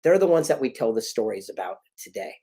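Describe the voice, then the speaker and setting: Lively, husky-voiced motivational speaker man. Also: on the low side, fast talker. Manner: animated storyteller, acts out quoted dialogue. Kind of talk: motivational talk.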